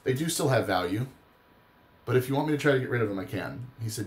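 A man's voice: mid-range voice, expressive, fast talker. A tired man hosting a live card-break stream, chatting casually and rambling into long personal stories. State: tired after a long day.

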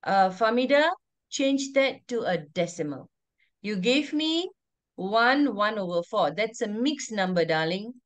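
A woman's voice: mid-range voice, expressive, unhurried. A woman teacher, teaching an online class over a video call, firmly repeating instructions and calling on pupils by name. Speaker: primary school teacher.

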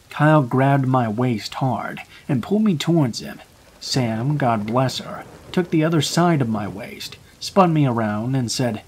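A man's voice: mid-range voice, expressive, measured pace, a little mellow, husky. Man narrating horror stories over rain. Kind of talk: scripted horror story narration.

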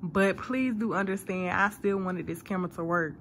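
Speaking at a normal pace in a medium pitch, a twenty-something woman from Florida rambles and laughs through a casual phone vlog to her viewers. Slight background noise is audible.

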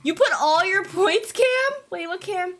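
Her voice very high-pitched and fairly bright, a young woman streams a game and talks casually with chat. She speaks a little slowly but animatedly, breaking into gasps, giggles and goofy noises as she plays.

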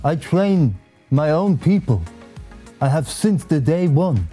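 A man's voice: a little high, animated, takes it slowly, warm tone, soft background music. A man doing a swaggering pro fighter. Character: brash male pro fighter, boastful.

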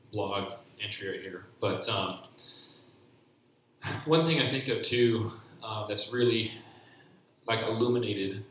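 A man giving a personal faith testimony at church, speaking haltingly with many restarts and repeated fillers. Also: fairly low pitch, bright, forceful tone, slight background noise. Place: church hall. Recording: very echoey church hall.

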